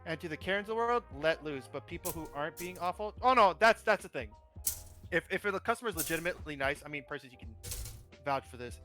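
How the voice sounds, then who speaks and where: A man chats loosely on a livestream, rambling and making fun of himself. His voice sits a bit high and sounds bright. Faint music plays in the background. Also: lively intonation, fast talker. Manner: rambling, reads chat aloud, self-deprecating. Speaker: streamer and model kit builder, guest. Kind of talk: casual livestream chat.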